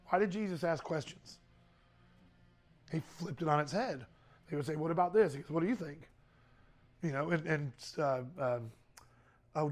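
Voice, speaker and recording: Man giving a casual youth talk. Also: a little high. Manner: conversational, repeats words, many fillers. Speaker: youth group speaker.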